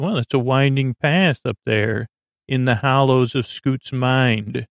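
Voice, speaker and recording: A man hosting a sleep podcast, talking in a soft, lulling, creaky way and wandering off on goofy tangents. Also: medium pitch, steady tone, unhurried, dry recording. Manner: meandering, self-interrupting, goofy tangents. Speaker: podcast host. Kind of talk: rambling sleep podcast monologue.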